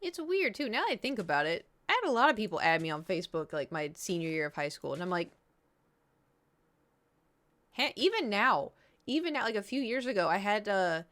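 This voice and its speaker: A woman's voice: mid-range voice, very animated, fast talker, fairly bright tone. A woman, chatting casually on stream and telling a rambling story full of fillers and quoted voices. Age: 30s.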